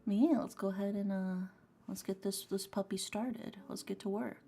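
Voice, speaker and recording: A woman's voice: mid-range voice, steady tone, normal speed, slight background noise. A young woman streaming as she draws, chatting casually and rambling through her story with lots of "like" and "um". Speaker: streaming artist. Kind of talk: casual chat while drawing. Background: soft lo-fi music.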